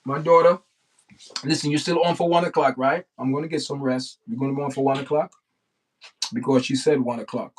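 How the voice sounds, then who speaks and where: A man's voice: mid-range voice, steady tone, fairly quick. A man hosting a livestream, talking off the cuff in a blunt, repetitive rant that circles back on the same points. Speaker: livestream host. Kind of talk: unscripted livestream monologue.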